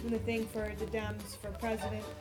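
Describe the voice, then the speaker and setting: A woman co-hosting a casual podcast chat, ranting in a crude, profane, animated way. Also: mid-range voice, brisk, over loud music.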